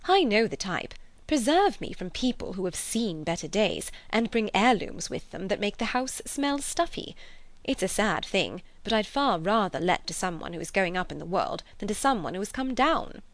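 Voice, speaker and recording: A bossy, opinionated middle-aged mother who lays down the law with emphasis, as a woman reader puts her on. The voice is raised and forceful. The recording is dry and close. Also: mid-range voice, big pitch swings, normal speed, no echo. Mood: emphatic.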